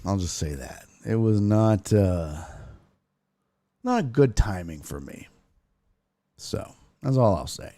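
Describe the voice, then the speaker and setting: A man's voice: lowish voice, slow, long pauses, no room sound. A man hosting a casual live-streamed sports show, ranting and cursing freely. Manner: profane, ranting, animated.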